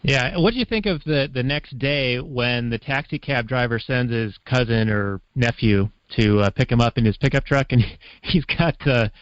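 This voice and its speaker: A man hosting a casual podcast chat, brisk, asking questions and steering the talk. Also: medium pitch, clear, resonant tone, no echo. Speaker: podcast host. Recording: dry, dull lo-fi podcast audio.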